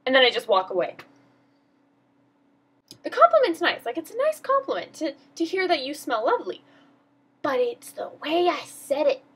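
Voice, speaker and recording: A woman's voice: a little high, fairly bright tone, husky, poor audio. A teenage girl vlogging, telling a story in a rambling, flustered, self-mocking way. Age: teens. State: emotional. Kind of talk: casual storytelling vlog.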